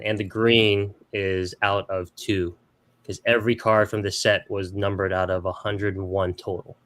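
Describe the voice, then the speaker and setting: A man with a somewhat low voice co-hosts a casual podcast. He explains things patiently and methodically, in an easygoing conversational tone. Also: a bit bright. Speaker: podcast co-host, card collector. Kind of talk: casual chat.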